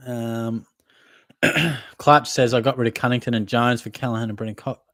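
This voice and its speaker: A man's voice: medium pitch, steady tone, moderate pace, a bit bright, a little hiss or hum. Casual Australian man answering questions. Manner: casual, matey, conversational, hedging fillers. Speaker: fantasy football podcast host. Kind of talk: live Q&A, reading and answering viewer questions.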